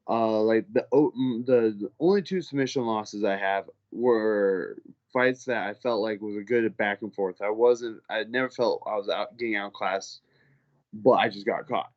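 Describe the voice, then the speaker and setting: Profane storytelling fighter, dull lo-fi audio. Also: male voice, mid-range voice. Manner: loose, profane, acts out the people in his stories. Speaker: professional fighter being interviewed. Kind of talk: casual storytelling.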